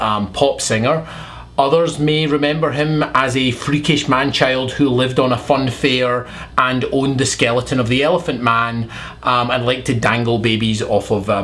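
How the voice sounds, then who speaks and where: A man from Scotland with a Scottish accent, giving a deadpan, mock-sincere comic monologue full of rambling asides. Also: medium pitch. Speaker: comedy vlogger.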